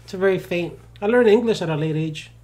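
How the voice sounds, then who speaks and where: A man's voice: high-pitched, fast, darkish tone. A young man co-hosting a podcast, joking and telling stories in casual chat, sometimes slipping into playful put-on voices. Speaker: podcast co-host.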